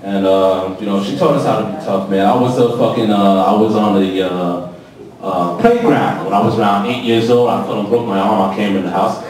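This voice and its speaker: A man's voice: lowish voice, fairly even intonation, fairly quick, far from the mic. A man in his twenties doing a loose, profane, rambling stand-up set, tipsy on stage. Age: 20s. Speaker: stand-up comedian. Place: comedy club stage. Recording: echoey club from afar, crowd noise. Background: audience reactions.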